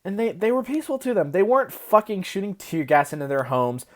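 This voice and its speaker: A young woman rants into her phone, worked up and cursing as she rambles. Her pitch swings wide, rising high and dropping low as she gets heated. She talks like someone losing patience with everything. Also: very animated, brisk, a little mellow. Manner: profane, agitated, rambling. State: worked up, hysterical. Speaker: vlogger. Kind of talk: heated casual rant.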